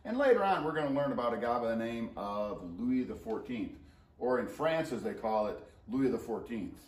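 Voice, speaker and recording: A man teaches history in a loose, conversational lesson shared with a colleague, and his voice rises and falls with animated, joking energy. He sounds set back from the microphone, and the room around him rings noticeably. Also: mid-range voice, a little fast. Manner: animated and joking, playful asides. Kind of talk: casual co-taught history lesson. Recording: roomy sound, mic at a distance.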